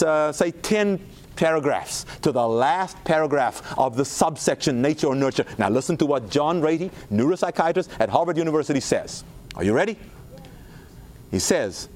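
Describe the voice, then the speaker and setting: A man preaching a sermon, asking the audience questions and slowing down to read quotes with emphasis. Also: sits high, darkish tone.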